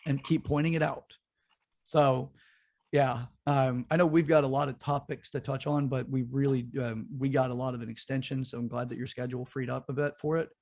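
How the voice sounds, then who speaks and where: A man's voice: mid-range voice, level tone, a little fast, vocal fry, a little mellow. A man co-hosting a podcast, ranting in a heated, profane way during casual political chat. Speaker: podcast co-host.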